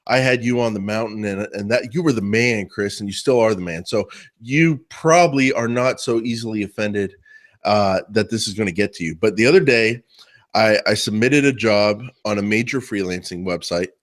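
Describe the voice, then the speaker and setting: A man's voice: lowish voice, moderate pace. Man telling a teasing story on a podcast. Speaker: podcast co-host. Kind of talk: casual chat.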